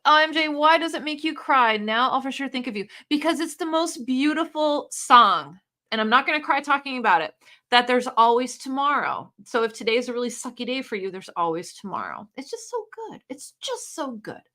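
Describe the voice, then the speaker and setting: A woman from the United States hosting a casual livestream, chatting and reading viewer comments aloud in an animated way. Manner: chatty and animated, pitch leaping up and down. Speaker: livestream host.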